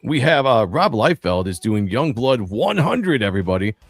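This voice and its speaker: A man's voice: mid-range voice, very animated, normal speed, no room sound, soft background music. A man hosting a casual comics livestream, reading chat aloud and teasing his co-hosts in a laid-back way. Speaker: livestream host.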